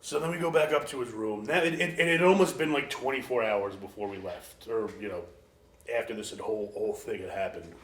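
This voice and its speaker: A man telling a wild story as an interview guest, animated, acting out quoted voices and laughing often. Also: on the low side, fairly quick, roomy sound, slight background noise. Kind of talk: casual storytelling.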